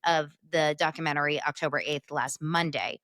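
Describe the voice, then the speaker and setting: Woman podcast co-host, lower register, playful ribbing, dry booth sound. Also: steady tone, moderate pace, a bit bright, dry recording. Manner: teasing, laughs often. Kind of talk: casual podcast chat.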